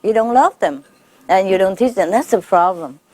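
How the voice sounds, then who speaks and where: A woman spiritual teacher speaking informally to her followers, laughing often and repeating warm phrases. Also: medium pitch, normal speed, no room sound. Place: gathering with a live audience.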